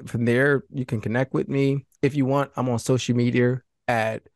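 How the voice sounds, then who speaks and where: Gravelly man sharing his story earnestly. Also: mid-range voice, steady tone, no echo, clean studio sound. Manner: earnest, halting with many restarts. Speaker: guest speaker. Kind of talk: candid interview conversation.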